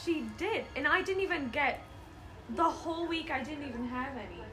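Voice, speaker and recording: A woman's voice: sits high, lively intonation, moderate pace, bright, forceful tone, faint music behind. A young woman in casual chat with friends, telling stories animatedly and laughing as she complains.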